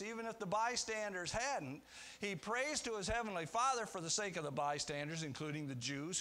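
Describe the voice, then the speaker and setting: A man preaching a sermon as pastor, earnest, moving between quiet low reflection and raised emphatic points, with rhetorical questions and restarts.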